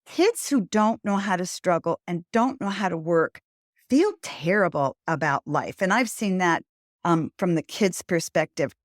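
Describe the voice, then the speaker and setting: An older woman hosts a podcast interview in a lower, settled voice. She speaks earnestly and punches her advice with emphasis. The sound is dry and close to the mic. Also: expressive, measured pace, no room sound. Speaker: podcast host. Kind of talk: conversational interview.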